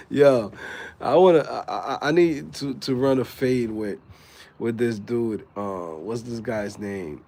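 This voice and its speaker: A man's voice: medium pitch, slow, darkish tone. A man in his thirties hosting a casual livestream, talking in laid-back slang and laughing often. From Dominican heritage. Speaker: livestream host.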